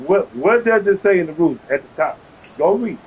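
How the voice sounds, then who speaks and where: A man argues with an opponent over a video game, and his agitation shows as he talks over the other side again and again. His voice is husky and sits high, with a lively, swooping delivery. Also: a little fast, phone-quality sound. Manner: agitated, keeps repeating "hold on". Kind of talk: heated argument over voice chat.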